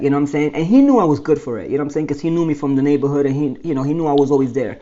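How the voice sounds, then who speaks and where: A man's voice: on the high side, very fast, hardly any pauses, mellow, muffled recording. A man telling his own life story in a rambling monologue, often restarting and correcting himself.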